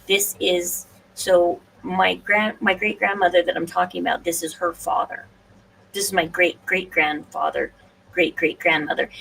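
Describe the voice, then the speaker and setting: A woman talks casually to her stream, wandering through her thoughts and often restarting sentences. Her voice has a gravelly fry to it. She sits some way from the mic, with faint noise in the background. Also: lowish voice, fairly bright tone, far from the mic, low-quality recording. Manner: rambling, hesitant, restarts and fillers. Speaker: podcast host. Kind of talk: casual solo livestream talk.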